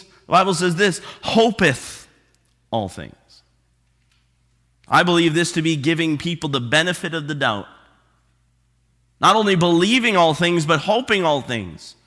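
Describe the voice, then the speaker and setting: Bright-voiced preacher man in a reverberant hall. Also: high voice. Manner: emphatic preaching, repeats key phrases slowly. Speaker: pastor. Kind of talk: sermon. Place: church sanctuary.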